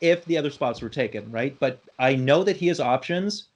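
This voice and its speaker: A man's voice: medium pitch, animated, fairly quick. Rambling young man telling a story. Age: young adult. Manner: rambling storyteller, swears, many restarts. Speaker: podcast host. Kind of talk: casual chat.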